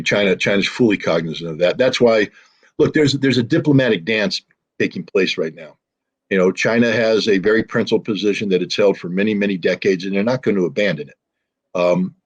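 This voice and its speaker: Husky-voiced man, heated and emphatic. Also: low-pitched. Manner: heated and emphatic, full of ums and restarts. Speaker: interview guest. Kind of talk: impassioned political commentary.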